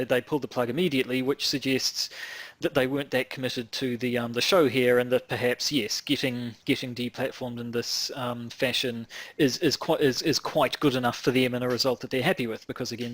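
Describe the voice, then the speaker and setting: A man's voice: mid-range voice, no echo. A man from New Zealand co-hosting a casual podcast, talking in a rambling way with many restarts and fillers. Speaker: podcast co-host.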